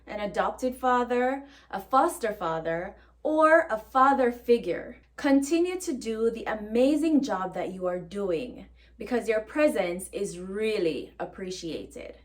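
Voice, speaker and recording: A woman with a Jamaican accent, from Jamaica, teaching a language lesson in a warm and clear way. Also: fairly high pitch.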